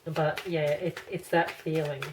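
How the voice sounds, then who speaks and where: A woman's voice: low-pitched, level tone, a little slow, background noise. A woman giving a casual pick-a-card tarot reading to camera, rambling and thinking aloud with many restarts.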